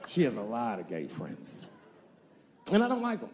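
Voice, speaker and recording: A man's voice: mid-range voice, huge pitch swings, moderate pace, darkish tone, slight background noise. A male stand-up comedian telling stories in a profane, conversational way with punchy emphasis.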